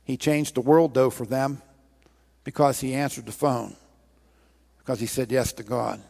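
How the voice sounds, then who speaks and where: A male pastor with a medium-pitched, gravelly, slightly mellow voice preaches at normal speed. He earnestly pleads with the congregation, retelling a scripture story and urging action, while a large hall adds long reverb.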